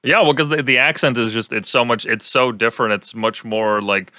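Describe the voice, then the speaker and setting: A man hosting a casual interview podcast, telling animated stories and acting out the people he quotes. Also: medium pitch, a little fast, no echo, clean studio sound. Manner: animated storyteller who acts out quoted people. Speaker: podcast host.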